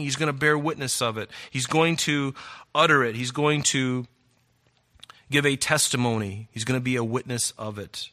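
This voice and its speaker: A man preaches a sermon in a bright, forceful voice. He earnestly reads scripture aloud and unpacks it verse by verse. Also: medium pitch, normal speed.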